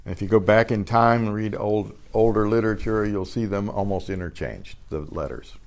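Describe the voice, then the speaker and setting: An older man teaching a beginners' Spanish class, patiently sounding out each word twice and explaining pronunciation in a relaxed way. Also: fairly low pitch. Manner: patient, repeats each word slowly, trailing off quietly after explanations. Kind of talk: slow pronunciation lesson with repetition.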